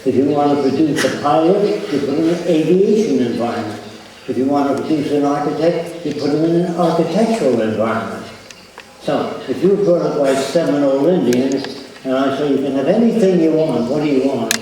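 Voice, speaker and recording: Older male lecturer, anecdotal and blunt, dark tone, recorded from far off in a very echoey hall. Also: fairly high pitch, animated, a little fast, a little hiss or hum. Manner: plainspoken, anecdotal, acts out little dialogues. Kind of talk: public lecture.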